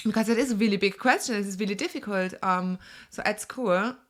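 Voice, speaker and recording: A woman's voice: mid-range voice, brisk. German-accented woman chatting on a podcast. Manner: chatty, laughs often, searches for words. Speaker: podcast guest. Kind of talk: casual chat.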